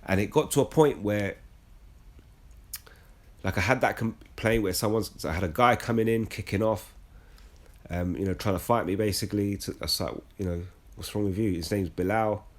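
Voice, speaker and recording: A man's voice: fairly low pitch, moderate pace. A blunt man telling a heated personal story with a lot of swearing, then reading scripture as a religious speaker.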